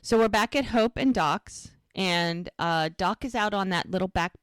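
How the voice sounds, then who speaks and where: A woman's voice: mid-range voice, moderate pace, clear, resonant tone, no room sound. A woman co-hosting a podcast, recapping a TV episode in casual chat and acting out the scenes as she tells them. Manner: animated storyteller, acts out the scenes. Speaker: podcast co-host.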